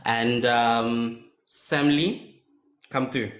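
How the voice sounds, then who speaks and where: A male host speaks slowly and thoughtfully, pausing to find his words. His voice sits at a middle pitch for a man, and the room around him is roomy and echoey. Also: fairly even intonation, fairly bright tone. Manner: thoughtful, hesitant, many fillers. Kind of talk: live stream discussion. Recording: roomy echo.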